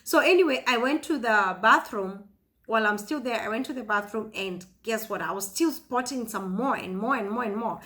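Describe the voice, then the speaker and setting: Bright-voiced woman telling a personal story. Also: on the high side. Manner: halting, many fillers and restarts. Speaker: vlogger.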